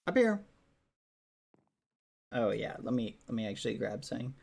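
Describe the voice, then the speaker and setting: A man's voice: medium pitch, sing-song, moderate pace, vocal fry, a little mellow. A man streaming casually, chatting to viewers while coaxing his dog. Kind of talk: casual livestream chat.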